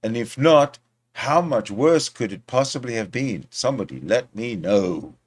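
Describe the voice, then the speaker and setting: A man hosting a livestream, talking in a casual, rambling way, often pausing, restarting and talking to himself into a desktop microphone. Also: mid-range voice, expressive. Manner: rambling, talks to himself, many fillers and restarts. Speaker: livestream host. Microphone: desktop streaming mic.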